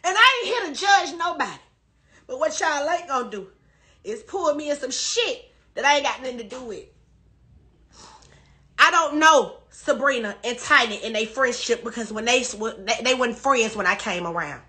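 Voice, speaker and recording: A woman's voice: high voice, animated, moderate pace, sharp tone. A woman crying while she rants defensively and profanely on a phone livestream, repeating herself. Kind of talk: emotional live-stream rant.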